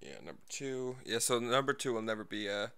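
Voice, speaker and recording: Male gaming streamer, out of breath, rambling, bright and smooth tone. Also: medium pitch, lively intonation, a little fast. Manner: rambling, lots of fillers, self-deprecating. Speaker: gaming livestreamer. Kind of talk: casual gameplay livestream talk.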